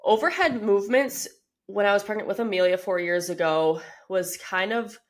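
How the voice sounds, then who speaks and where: A woman's voice: lowish voice, fairly bright tone. A woman in her thirties hosting a podcast, explaining things in a casual, chatty way with many "like" and "um" fillers. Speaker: podcast host, fitness coach.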